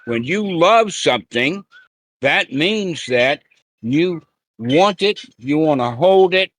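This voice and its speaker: A man's voice: on the high side, lively intonation, slow pace, fairly bright tone. A man giving a plain-spoken, folksy Buddhist teaching talk over an online group call. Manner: plain-spoken, folksy, acts out quoted lines.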